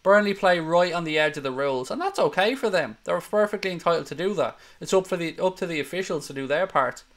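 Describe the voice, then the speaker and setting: Sweary, heated fan commentator. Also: male voice, on the high side, expressive, fairly bright tone. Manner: heated, sweary, rapid play-by-play. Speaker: host. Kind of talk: live match watchalong commentary.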